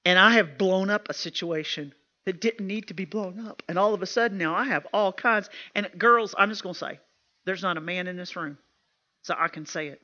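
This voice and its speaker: A woman preaching to a women's retreat with a bright, forceful edge to her voice. She drives her points home by repeating them, in plain, homey language. The recording sounds a little dull and lo-fi. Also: lowish voice, brisk. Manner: emphatic and repetitive, with plain homespun talk. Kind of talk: sermon.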